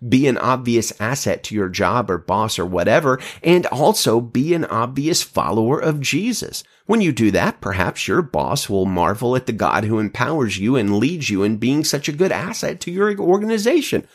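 A man teaching a Bible passage in an earnest, animated way, with a brief joke. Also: medium pitch, moderate pace, hardly any pauses. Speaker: pastor.

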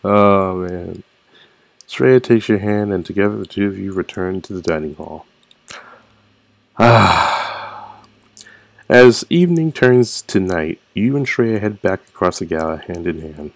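A young man reading a story game aloud and reacting to it playfully with quick jokes and exclamations. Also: deep voice, animated, vocal fry, no room sound. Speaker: gaming channel host.

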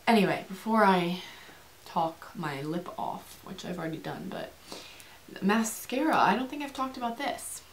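A young woman chatting fast and rambling through a beauty product review, with many fillers and restarts, speaking to camera. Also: mid-range voice, expressive, slight background noise. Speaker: beauty vlogger.

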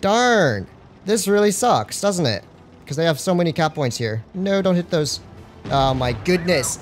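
Young guy streaming a game, kinda high voice, super bouncy, slangy and jokey with chat. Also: big pitch swings, measured pace, faint music behind. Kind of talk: live gameplay commentary.

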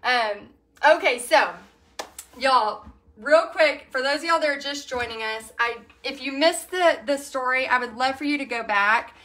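A woman's voice: sits high, measured pace, slight background noise. A woman with a Texan accent, an art teacher hosting a livestream, telling a story chattily and reading viewer comments. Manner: chatty, animated storytelling with frequent fillers.

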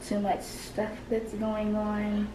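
A young adult woman co-hosting a casual chat, animated and questioning, recorded from a distance in an echoey room. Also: mid-range voice, slow. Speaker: co-host. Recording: echoey room, mic far off, noisy.

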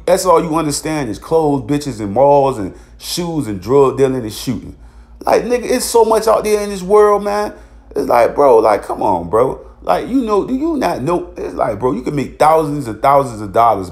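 A man's voice: fairly high pitch, vocal fry, a little mellow. A man, ranting bluntly in a heated, profane vlog commentary. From Virginia, USA. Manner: repeats filler tags. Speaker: vlogger. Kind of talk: angry commentary monologue.

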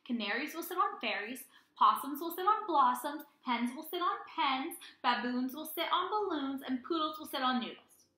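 A woman's voice: sits high, lively intonation, moderate pace, hardly any pauses, sharp tone, roomy sound. A woman reading as a cheerful boastful frog. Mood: playful. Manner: sing-song rhyming delivery. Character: cheerful boastful frog, rhyming know-it-all.

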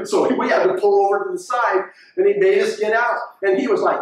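A man with a fairly high voice preaches a sermon, lively and storytelling, acting out the people he quotes. He sounds distant from the microphone. The room around him is strongly echoey. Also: normal speed. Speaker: pastor. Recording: echoey room, voice from far off the mic.

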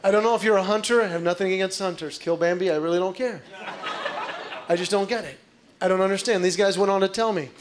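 A male stand-up comedian performing a routine, telling stories in an animated way with exaggerated outbursts. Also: sits high. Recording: live stage recording with background noise.

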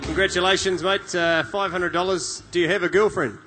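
Bright-voiced New prizegiving MC man. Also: sits high, steady tone, fairly quick, faint music behind. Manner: friendly, formal announcing with banter. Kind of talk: live prizegiving announcing.

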